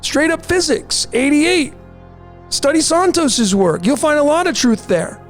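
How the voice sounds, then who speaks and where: Very high-pitched male host, insistent slide-by-slide commentary, faint music bed underneath. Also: very animated, unhurried. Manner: insistent, repeats "folks" and "there it is". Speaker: numerology channel host. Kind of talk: conspiracy commentary over slides.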